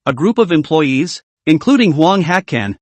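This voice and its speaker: Lively man narrating a story recap. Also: a little high, moderate pace, no echo. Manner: reads all dialogue in the same narrating voice.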